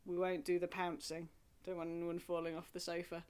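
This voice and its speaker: A woman leading a remote singing lesson from home, talking in a gentle, encouraging, chatty way with playful asides. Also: fairly low pitch, completely flat delivery, brisk, clear, resonant tone. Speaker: singing group leader. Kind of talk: friendly remote group singing and movement lesson.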